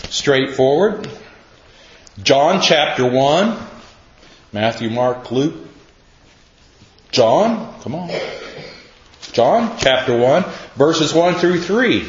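A man gives a Sunday sermon in a casual, chatty manner, joking about himself before he reads verses slowly and deliberately. His voice sits a bit high for a man. It is recorded with lots of room echo and a dull, lo-fi tone. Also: very animated. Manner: conversational, self-deprecating, reads scripture slowly. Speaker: pastor. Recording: echoey, dull lo-fi room sound.

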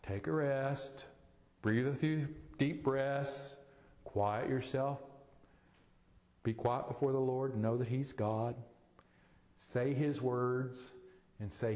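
A man's voice: mid-range voice, steady tone, drawn-out words, long pauses, darkish tone, echoey room, big-room sound. A man preaching a sermon, exhorting with repeated short commands in a church.

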